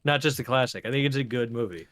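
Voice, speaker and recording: A man's voice: medium pitch, fast talker, a bit bright, no room sound. A young man co-hosting a podcast in casual chat, rambling, swearing and laughing often. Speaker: podcast co-host.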